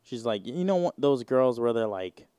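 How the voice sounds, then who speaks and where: A man's voice: mid-range voice, big pitch swings, normal speed, dark tone, clear, resonant tone, no echo, studio quality. Rambling, profane man in his twenties. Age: 20s. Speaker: podcast host. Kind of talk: casual solo podcast rant.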